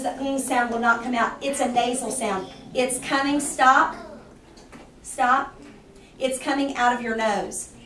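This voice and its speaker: High-voiced woman teacher in an echoey classroom. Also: fairly bright tone. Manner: patient, questioning, slows down to explain. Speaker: third grade teacher. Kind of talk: classroom spelling lesson. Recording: roomy, distant, noisy classroom recording.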